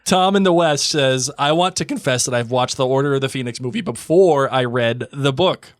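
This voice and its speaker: A man co-hosts a podcast and reads listener emails aloud in an easygoing, amused manner. His voice sits in a middle pitch, and the sound is dry and close to the mic. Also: normal speed, dry recording. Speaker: podcast co-host. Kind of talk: casual chat and reading listener emails.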